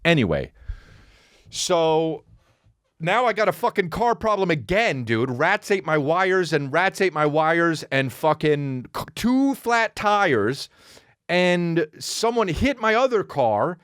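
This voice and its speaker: A man spins a comic story on his podcast as a swearing, self-interrupting rant. His pitch swings wide and lively from low grumbles to high squeals. The room is dry, with the voice close and plain. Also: takes it slowly, clear, resonant tone, no echo. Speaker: podcast host. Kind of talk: comedic storytelling monologue.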